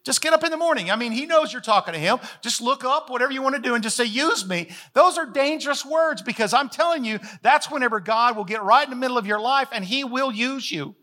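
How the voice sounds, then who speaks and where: A man's voice: very high voice, animated, fast talker, hardly any pauses, bright, forceful tone. A man preaching a sermon as the pastor, folksy and emphatic, repeating phrases to drive points home.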